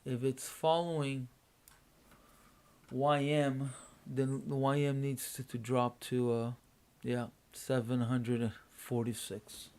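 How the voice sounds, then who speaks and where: A sleepy man talks through his trades, half to himself. He speaks slowly and at an even, middle pitch, pausing and restarting as he thinks. The delivery is casual and drowsy. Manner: unhurried, muttering to himself with pauses and restarts. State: sleepy, yawning. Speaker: day trader streaming a live trading room. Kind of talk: casual thinking aloud while trading.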